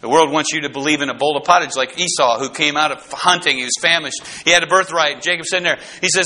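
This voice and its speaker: Fervent high-voiced male preacher. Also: quick pace, hardly any pauses. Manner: fervent, swells into shouts on key points; folksy, repeats and restarts words. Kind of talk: sermon.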